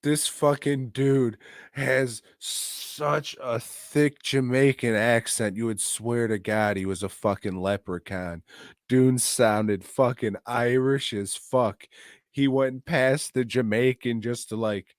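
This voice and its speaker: A man's voice: mid-range voice, steady tone, slow pace, no room sound, clean studio sound. A man co-hosting a podcast, reviewing a movie in casual chat full of crude, mocking jokes. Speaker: podcast co-host.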